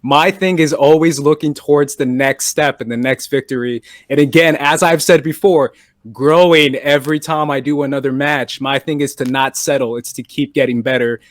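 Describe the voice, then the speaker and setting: A man's voice: medium pitch, fairly even intonation, moderate pace, dry recording. A man being interviewed after a quiz match, who talks in an earnest, determined way and often repeats himself.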